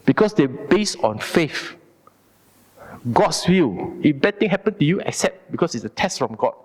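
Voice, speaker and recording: A man with a Malaysian English accent giving a Buddhist Dharma talk in an animated, colloquial and emphatic way. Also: on the high side, moderate pace. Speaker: Dharma speaker. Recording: long hall reverb.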